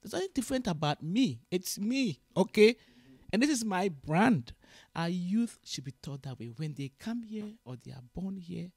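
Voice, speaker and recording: As an interview guest, a middle-aged Ghanaian woman speaks with fairly low, slightly rough, animated delivery at a moderate pace, alternating between Twi and English. She is passionate and lecturing, turning loud when worked up, with no echo.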